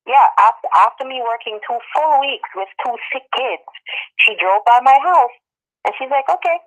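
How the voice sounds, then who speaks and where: Woman telling a story over dull, lo-fi audio. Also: moderate pace. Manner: animated, acts out quotes with pitch jumps and laughs. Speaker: former nanny, interview guest. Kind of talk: casual storytelling interview.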